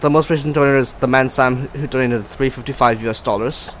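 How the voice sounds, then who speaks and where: A man's voice: medium pitch, fairly even intonation, fairly quick, a bit bright, slight background noise, poor audio. A man casually commenting on his flight sim stream, chatty and self-mocking, often trailing off and restarting.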